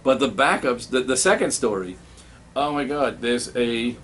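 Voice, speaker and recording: A man giving a casual spoken review of comics, excitable and rambling, with many restarts. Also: medium pitch, normal speed.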